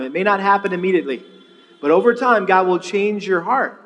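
A man's voice: high-pitched, brisk, fairly bright tone, in a large hall. A man preaching as a pastor, conversational and storytelling, often repeating words as he restarts. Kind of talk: sermon-style teaching on marriage.

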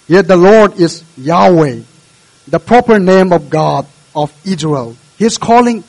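A male pastor delivers a sermon in an earnest, measured way, exhorting the congregation. His voice sits high for a man. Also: a little mellow, rough recording.

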